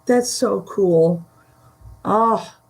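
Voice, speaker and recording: A woman chatting casually through a vintage haul, halting and giggly, her voice starting to go from a dry throat. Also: medium pitch, rough recording. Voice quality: gravelly, slow and halting. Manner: chatty, giggly, trails off mid-sentence. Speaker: vintage reseller showing a haul. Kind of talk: casual chat to a live audience.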